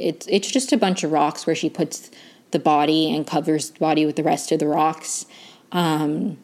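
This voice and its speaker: A young woman in a casual, chatty recap of a TV season, full of "like" and "um" and quick restarts. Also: deep voice, a little mellow. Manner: chatty, lots of "like" and "um", self-correcting. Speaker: recap host.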